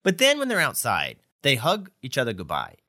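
A man co-hosts a casual podcast, recapping a TV episode in an animated, laughing way. His voice is bright and forceful. His pitch swings widely as he tells the story. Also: a little fast. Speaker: podcast co-host.

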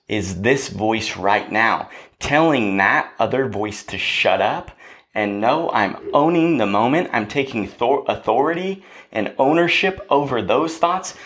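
A man's voice: mid-range voice, a bit bright. A man hosting a podcast, giving a motivational talk in a preachy way, often checking in with "right?". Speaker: podcast host.

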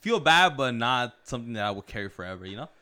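A man's voice: medium pitch, very animated, quick pace, bright, forceful tone, smooth. A man co-hosting a podcast, laid back, answering in short casual replies and mumbled asides. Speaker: podcast co-host. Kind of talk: casual chat.

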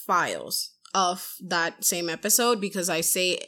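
A young adult woman podcast host in casual chat, telling stories animatedly and acting out other people's lines in a higher voice. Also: animated, unhurried, pushed and bright.

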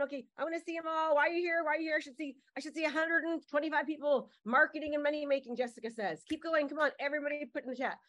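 Middle-aged lady coach on a video call, high energy, fast talker, slightly high voice. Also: a bit bright. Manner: high-energy, fast, upbeat, calls out names from chat. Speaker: marketing coach. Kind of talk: live webinar teaching.

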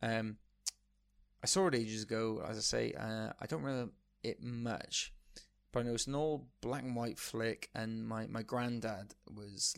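Gravelly low-voiced man chatting about films. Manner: explanatory, recalling facts aloud. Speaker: podcast co-host. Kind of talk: casual film discussion.

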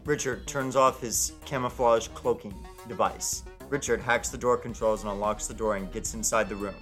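A man narrating an audio story in a plain, even reading voice. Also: fairly low pitch, normal speed, soft background music. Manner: plain present-tense reading.

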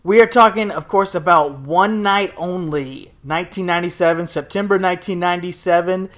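A man's voice: high-pitched, a little fast, fairly bright tone. A man hosting a casual podcast, upbeat and jokey, rambling a little with fillers. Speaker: podcast host.

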